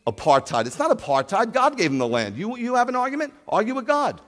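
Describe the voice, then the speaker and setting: Animated man preaching in an echoing hall. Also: very high voice, quick pace. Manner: animated, rhetorical questions, loud scripture reading. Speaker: rabbi. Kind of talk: sermon. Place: congregation sanctuary.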